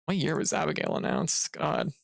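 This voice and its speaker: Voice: medium pitch, moderate pace, vocal fry, no echo, clean studio sound. A livestreamer from Canada, casually commenting on gameplay while ranting in an exasperated, profane way. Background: video game music.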